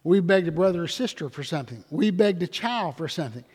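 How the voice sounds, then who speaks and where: An older man preaching a sermon in a church, rising loud then dropping soft, with questions to the congregation. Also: sits high, animated, quick pace, slightly rough, big-room sound. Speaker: pastor. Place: church sanctuary.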